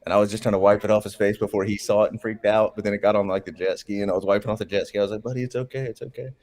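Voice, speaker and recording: A man telling a story in casual chat, speaking low-key and trailing off softly. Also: monotone, racing. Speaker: guest.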